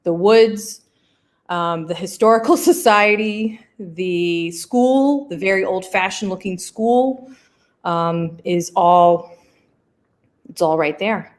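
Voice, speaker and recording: A woman author being interviewed over a video call, telling stories about her school days with quick laughs and self-deprecating asides. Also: fairly low pitch. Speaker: guest author. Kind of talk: casual video chat interview.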